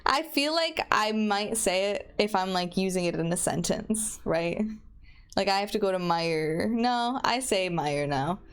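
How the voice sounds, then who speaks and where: A woman's voice: mid-range voice, expressive, unhurried, clean tone. A young woman from Michigan with a Michigan accent, chatting casually while streaming a game and rambling about how she pronounces words. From Michigan, USA. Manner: rambling and chatty, plays with her own pronunciation. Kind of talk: casual chat while gaming.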